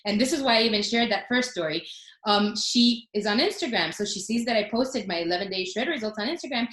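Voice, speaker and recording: A woman's voice: mid-range voice, fairly quick, reverberant, poor audio. A woman in her forties, a guest telling personal stories in casual chat and acting out quotes. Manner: animated storytelling, acts out quotes.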